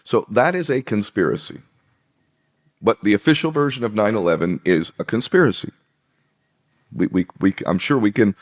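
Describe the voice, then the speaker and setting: Gravelly, low-voiced man, sarcastic and emphatic. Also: very animated, fairly quick. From British Isles. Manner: emphatic, sarcastic, laughs often. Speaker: podcast guest. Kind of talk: casual conversational monologue.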